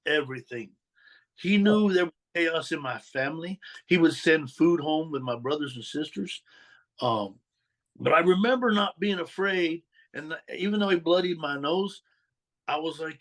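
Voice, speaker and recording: Male guest, storyteller, voice sits a bit high, animated delivery. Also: normal speed. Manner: animated, acts out quoted dialogue. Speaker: interview guest, former mob associate. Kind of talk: storytelling in a podcast interview.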